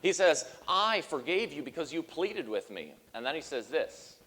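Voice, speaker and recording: A male pastor delivers a sermon in a loose, conversational way, full of "um" and "you know", acting out the lines he quotes. His voice sits a little high for a man. The sound carries a long reverb, as in a church sanctuary. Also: sing-song, normal speed, a bit bright. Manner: conversational preaching with many fillers and acted-out quotes.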